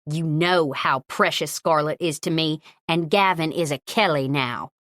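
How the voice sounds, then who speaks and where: A feisty older lady, sharp-tongued and commanding, fiercely protective of her own, as a woman narrator puts her on. Her voice sits low and sounds dry and close. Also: measured pace, no room sound. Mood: scolding.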